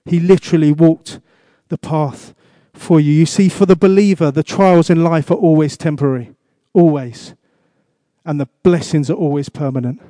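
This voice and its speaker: A man's voice: fairly high pitch, fairly even intonation, moderate pace, mellow, no echo, clean studio sound. A man preaching a sermon as pastor, asking the congregation questions and repeating his exhortations.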